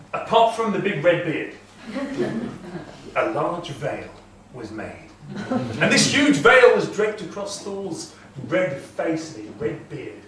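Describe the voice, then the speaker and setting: A man telling a myth live in a castle great hall, dramatic, swelling loud and dropping to a hush. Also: a little high, big pitch swings, slow pace, slight background noise. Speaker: storyteller. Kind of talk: live oral storytelling. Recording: echoey hall from far off.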